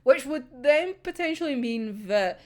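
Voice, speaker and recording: Young woman, high voice, very animated, fan reaction rant, swears a lot. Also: unhurried. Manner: excitable, swears freely, laughs often. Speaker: manga reaction vlogger.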